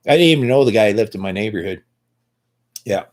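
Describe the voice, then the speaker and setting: A man's voice: lowish voice, animated, fairly quick, a little mellow. A man in his sixties from Canada, talking bluntly and profanely in a rambling casual monologue.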